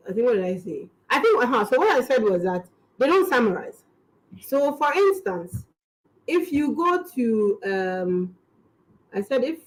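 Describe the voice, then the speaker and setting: A woman's voice: on the high side, poor audio. A woman from Ghana with a Ghanaian English accent, chatting casually as a comedian guest in an interview, rambling and laughing through her stories. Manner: animated, rambling, laughing storyteller.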